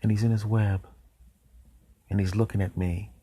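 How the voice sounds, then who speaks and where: A man hosting a show, telling a comic story in an animated way with whispered deadpan asides. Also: fairly low pitch, moderate pace, husky, no echo. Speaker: show host.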